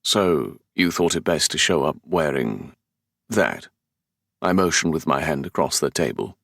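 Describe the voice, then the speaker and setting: A man with a London English accent reads a first-person romance audiobook in a dry, sardonic, exasperated voice. His voice sits very low, with a gravelly, husky grain. The recording is close and dry. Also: sing-song, measured pace, fairly bright tone, no room sound. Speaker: audiobook narrator. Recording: dry close studio sound.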